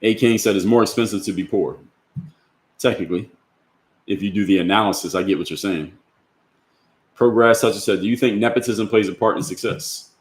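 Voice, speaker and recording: A man's voice: lowish voice, a little fast, pauses often, roomy sound. A man hosting a livestream, reading chat comments and answering them bluntly with rhetorical questions. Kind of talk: opinionated livestream talk.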